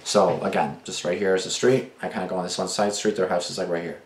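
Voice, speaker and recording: A deep-voiced man rattles off a late-night story at speed, full of swearing, restarts and "like"s. He is a reaction video host talking casually, and his voice rings in an echoey room. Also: fairly even intonation, fast, background noise. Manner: profane, rambling, many restarts and fillers.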